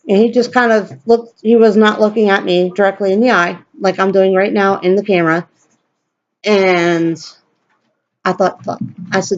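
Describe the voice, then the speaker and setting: A woman telling a story to a camera at home, blunt and profane, acting out quoted lines in a higher voice. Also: steady tone, normal speed, dull audio. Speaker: vlogger. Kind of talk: casual storytelling rant.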